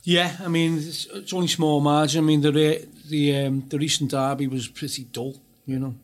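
A man's voice: a little high, level tone, normal speed. Rambling man chatting about football. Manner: rambling, many fillers. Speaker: host. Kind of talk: casual football chat.

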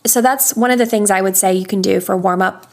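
A young adult woman voice coach patiently explaining vocal warm-ups in an interview. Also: mid-range voice, brisk. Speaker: voice coach and session singer. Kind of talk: instructional interview answers.

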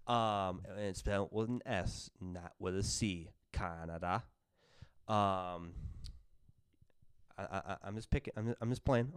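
A man with a lowish, very smooth and clear voice talks through an awards list on a podcast. He rambles and corrects himself often. The sound is dry and close, with no room to it. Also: measured pace, no echo. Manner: rambling, lots of fillers and self-corrections. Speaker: podcast host. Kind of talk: casual sports podcast chat.

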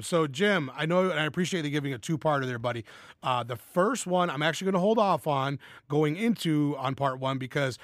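A man's voice: on the high side, fairly bright tone, dry recording, studio quality. A man hosting a casual Q&A podcast, blunt and profane, with bursts of enthusiasm. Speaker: podcast host.

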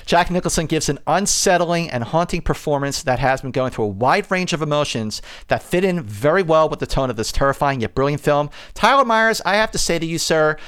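A man's voice: on the high side, animated, a little fast, few pauses, fairly bright tone, clear, resonant tone. A man co-hosting a casual film podcast, enthusiastic and emphatic, reading out viewer comments. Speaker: co-host.

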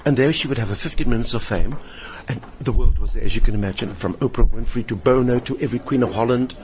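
A man's voice: medium pitch, fast talker. An older man, a satirist telling theatrical anecdotes in an interview and mimicking the people in them. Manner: lively, theatrical, mimics other voices in anecdotes. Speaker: satirist and performer, interview guest. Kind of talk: animated storytelling in conversation. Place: hotel lounge. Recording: faint room noise in a hotel lounge.

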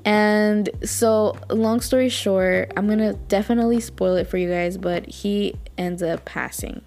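A woman's voice: mid-range voice, steady tone, a little slow, gravelly, a little mellow. A woman hosting a podcast, chatting casually and gushing, with lots of fillers. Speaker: podcast host. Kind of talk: casual chat.

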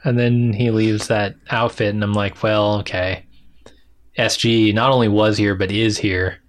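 A man's voice: lowish voice, level tone, normal speed. A man co-hosting a casual TV recap podcast, talking things through thoughtfully with light puns. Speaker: podcast co-host.

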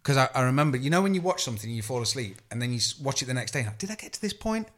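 A man co-hosting a podcast, telling stories in a jokey, animated way, swearing and mimicking other people. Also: mid-range voice, rapid-fire. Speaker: podcast co-host. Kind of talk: casual podcast chat.

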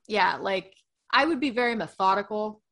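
A woman guesting on a casual podcast, speaking in a middle-pitched, everyday voice. She is frank and deadpan, drops swears casually, and talks through dark subjects without fuss. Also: moderate pace. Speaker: podcast guest, true crime show host.

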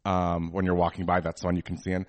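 A man's voice: deep voice, completely flat delivery, fast talker, dry recording. A man co-hosting a podcast, chatting casually and giving opinions, with lots of fillers. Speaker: podcast co-host. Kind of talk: casual chat.

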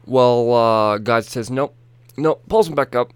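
A man's voice: mid-range voice, measured pace, smooth, no room sound. A young man casually retelling a story in a rambling, profane way, full of fillers and restarts.

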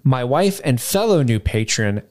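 A man's voice: mid-range voice, big pitch swings, unhurried, darkish tone. Male podcast co-host, mid voice, casual and chatty. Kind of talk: casual chat, reading listener emails.

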